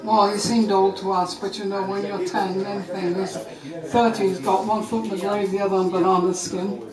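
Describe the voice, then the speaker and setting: A woman from Brazil with a somewhat English accent, telling a true story live in a wry, animated way. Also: mid-range voice, normal speed, crowd noise. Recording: echoey room with audience.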